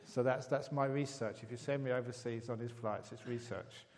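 A man giving a calm meditation talk, speaking gently and growing softer on key words. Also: medium pitch, normal speed. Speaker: meditation teacher. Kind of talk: dharma talk with a joke. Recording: long hall reverb.

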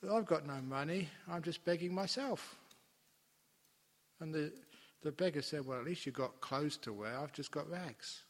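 A man's voice: fairly high pitch, a little slow. A man, a Buddhist monk, tells a teaching story to an audience in an easy, chatty way. He slips into his characters' voices as he goes, and the sound carries a long reverb from the large hall. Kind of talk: dharma talk storytelling.

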